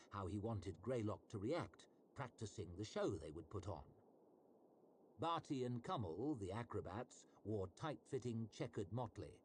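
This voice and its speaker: A man narrating a fantasy novel aloud with a measured, expressive reading. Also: on the low side, a little hiss or hum. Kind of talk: audiobook-style fantasy narration.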